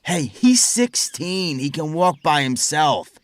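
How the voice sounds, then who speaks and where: Raspy drunk father, played by a man, sneering, drawn-out delivery, dry sound. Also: fairly high pitch, sing-song, no room sound. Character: drunk bitter middle-aged father.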